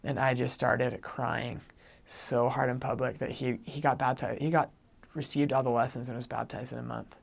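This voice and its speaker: A man's voice: medium pitch, little pitch movement, moderate pace, vocal fry, husky. A young man, a returned missionary, telling a personal story earnestly and acting out the dialogue of the people in it. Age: young adult. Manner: earnest, acts out quoted dialogue.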